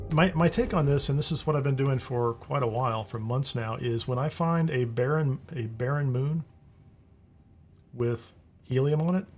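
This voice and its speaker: A man hosting a video game guide, talking casually over gameplay in a relaxed, rambling way that often restarts sentences. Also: medium pitch, slight background noise.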